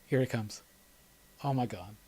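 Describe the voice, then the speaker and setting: A man of middle pitch talks through a live watch-along in a loose, rambling way. He gets excited and laughs easily, and he breaks off to greet viewers by name. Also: unhurried, husky. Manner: enthusiastic, rambling, often laughing. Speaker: host of live movie commentary. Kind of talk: casual live commentary.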